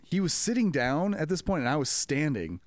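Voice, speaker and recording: A man's voice: a little high, a little fast, no echo. Dry-miked man telling a club story. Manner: animated storyteller, acts out quotes, laughs often. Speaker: podcast co-host, comedy club staff. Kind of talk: casual storytelling chat.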